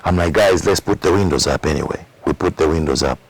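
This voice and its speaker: A man's voice: rumbling low, quick pace, slightly rough, poor audio. A man with a Ugandan accent, a musician candidly telling his story in an interview, repeating words for emphasis and acting out old conversations. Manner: repeats words for emphasis, acts out past dialogue. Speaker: musician recounting his past.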